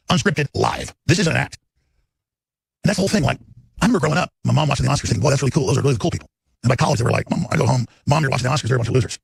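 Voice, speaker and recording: A man's voice: a little high, gravelly, slightly rough, no echo. A man in his forties hosting a talk show, delivering an unscripted, emphatic, rambling live monologue.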